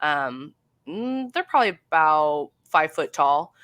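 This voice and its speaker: A woman's voice: low-pitched, big pitch swings, slow pace, fairly bright tone, clear, resonant tone, dry recording. A woman in her thirties chatting casually as a guest, telling a long story with lots of "like" and "um", acting out what others said. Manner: chatty, full of fillers and acted-out quotes.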